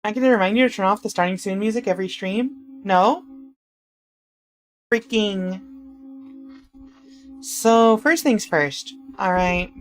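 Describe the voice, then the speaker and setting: Chatty woman streamer talking to her viewers. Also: medium pitch. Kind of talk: casual live-stream chat.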